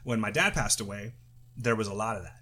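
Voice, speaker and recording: A man's voice: on the low side, lively intonation, a little fast, bright, forceful tone. A middle-aged man co-hosting a podcast in casual chat, still getting over the flu, talking loosely with swearing and restarts. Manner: loose, profane, rambling with restarts. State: recovering from flu, tired. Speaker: podcast co-host.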